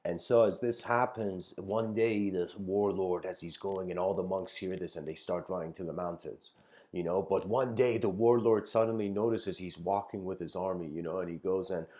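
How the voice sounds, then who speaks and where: Male spiritual teacher, lowish voice, relaxed storytelling lecture full of fillers. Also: normal speed. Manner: conversational, many "you know" fillers.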